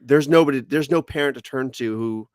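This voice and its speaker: A man chatting casually on a podcast, mostly quiet and agreeable, with short replies. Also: medium pitch, a little fast, dry recording, studio quality. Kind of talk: casual chat.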